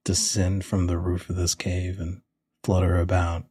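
A man's voice: sits low, monotone, unhurried, mellow, husky, no echo. A man narrating a tabletop game as game master in a casual, descriptive way, thinking aloud as he goes.

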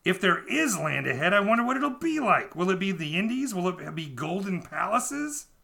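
Brief: fretful storybook sailor, pitched up and bright, as a man reads him. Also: big pitch swings, normal speed, creaky, full character voice. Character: worried grown male sailor, fretful and wistful.

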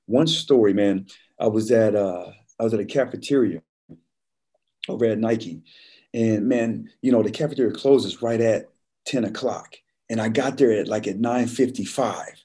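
Laid-back man with a husky, mellow voice. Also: on the low side, normal speed. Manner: relaxed storyteller, says "man" constantly. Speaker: podcast guest, former football player. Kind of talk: casual conversation, storytelling.

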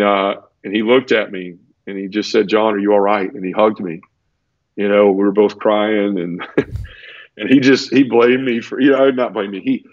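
A man's voice: fairly low pitch, dry recording. Teary, earnest man telling his story. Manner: earnest, repeats words and restarts often. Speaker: interview guest. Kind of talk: emotional personal storytelling in conversation. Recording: dull lo-fi dry sound.

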